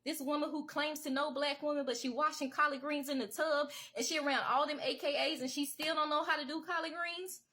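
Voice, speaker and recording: Woman vlogger, higher-pitched, heated preachy rant, repetitive and emphatic. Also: fairly even intonation, brisk, hardly any pauses, bright, forceful tone. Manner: casual vernacular with lots of y'all. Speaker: political commentator. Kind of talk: impassioned political rant to camera.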